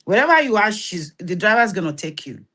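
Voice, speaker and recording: A fast-talking woman with a mid-range voice hosts an advice talk. She is from Nigeria, speaks with a Nigerian accent, and tells her stories in an animated, preachy manner while acting out the dialogue.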